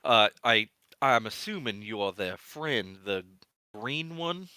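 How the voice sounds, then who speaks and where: A man's voice: mid-range voice, expressive, takes it slowly, bright, forceful tone, smooth, dry recording. Man voicing a concerned town governor. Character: concerned middle-aged male town governor.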